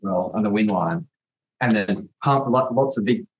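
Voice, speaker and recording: A man's voice: lowish voice, moderate pace, a little hiss or hum, low-quality recording. A man, a guest from a gear company, asking long rambling questions in casual chat. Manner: rambling, searching questions with restarts.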